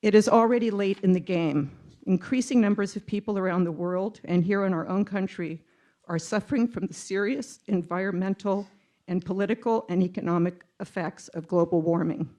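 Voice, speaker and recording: A woman's voice: mid-range voice, moderate pace, warm tone. A retired teacher in her sixties reading an earnest, emotional public comment to a committee, with some ums. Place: public meeting room.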